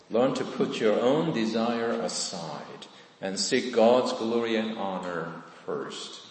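Earnest male pastor preaching in an echoey hall. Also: medium pitch. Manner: earnest, emphatic, slows down on key points. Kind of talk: sermon.

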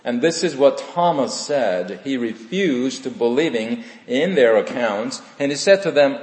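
A male pastor, preaching a sermon in slow, emphatic phrases with dramatic pauses, in a church. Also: medium pitch, animated. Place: church sanctuary. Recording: echoey hall with long reverb.

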